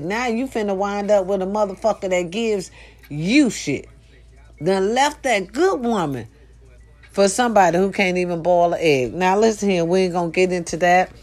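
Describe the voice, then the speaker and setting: A woman's voice: mid-range voice, a little mellow. A woman with her early morning voice, hosting a casual morning talk for her followers and preaching bluntly with profanity and call-and-response phrases. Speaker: morning show host.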